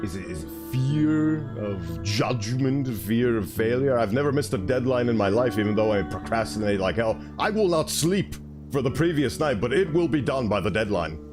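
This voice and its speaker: A man's voice: mid-range voice, expressive, normal speed, over music. Rambling, giggly male game streamer. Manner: rambling, self-mocking, giggly. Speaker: VTuber streamer. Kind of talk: casual game-stream chat.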